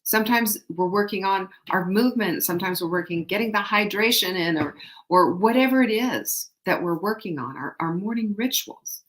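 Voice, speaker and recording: A woman's voice: mid-range voice, moderate pace, a bit bright. A middle-aged woman hosting a show, giving motivational tips in an emphatic, conversational way and repeating key phrases. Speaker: show host.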